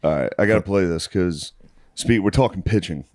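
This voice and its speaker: A laid-back man bantering on a podcast, with a lowish voice. The sound is dry and close, with no room around it. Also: moderate pace, a little mellow, no echo. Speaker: podcast co-host. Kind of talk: casual chat.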